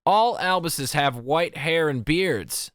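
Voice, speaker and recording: A man's voice: on the high side, expressive, takes it slowly, fairly bright tone, no echo, studio quality, voice pushed up. A man voicing a village woman in an audiobook, explaining things matter-of-factly. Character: curious village woman in a yellow gown.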